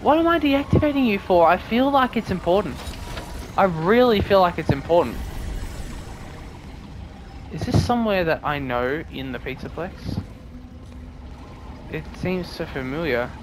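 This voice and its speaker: A man talks through a horror game in a fairly high voice. He cracks jokes, swears freely and yelps when startled. A constant noise sits beneath his voice. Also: expressive, measured pace, pauses often. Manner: jokey, swears, reacts loudly to scares. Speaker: gaming video creator. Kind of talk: let's play commentary.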